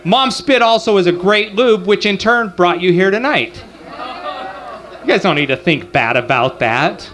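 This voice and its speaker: A man's voice: high-pitched, expressive, measured pace, a bit bright, slight background noise. A man in his forties doing a profane stand-up comedy routine, talking casually with the crowd on a club stage. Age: 40s. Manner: profane, crude, conversational with crowd asides.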